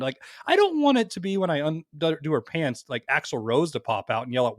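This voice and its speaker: Man, podcast co-host, higher voice, very animated, laughing storyteller, dry close sound. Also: a little fast, few pauses, no echo. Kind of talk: casual podcast banter.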